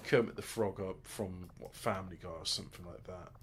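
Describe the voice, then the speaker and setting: A man's voice: sits low, fairly quick, a little hiss or hum. A man muttering his way through a game in casual let's play commentary, with crude offhand jokes. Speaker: gamer.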